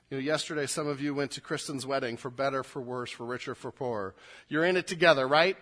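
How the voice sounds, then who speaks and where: A male pastor delivers a sermon in a slightly higher voice. He shifts often, murmuring quietly and low, then swelling loud and emphatic as he reads and stresses his points. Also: fast talker. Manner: swings between soft low asides and loud emphatic reading.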